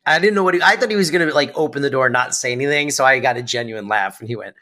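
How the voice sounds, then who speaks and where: A woman's voice: very deep voice, rapid-fire, pushed and bright. A woman co-hosting a podcast, chatting casually about a sitcom episode, playful and laughing as she re-enacts scenes. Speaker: podcast co-host.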